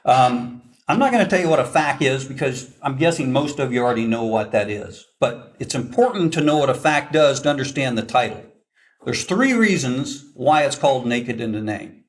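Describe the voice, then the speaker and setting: A man's voice: mid-range voice, expressive, moderate pace. An older man, a veteran forward air controller, telling a self-deprecating story to an audience and acting out the dialogue. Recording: voice from a distance.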